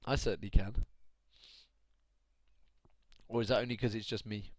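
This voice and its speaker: His voice is lowish with fairly even intonation, delivered at normal speed and free of echo. The British esports caster runs solo live stream commentary on a match, chatting, laughing often and ranting at viewers.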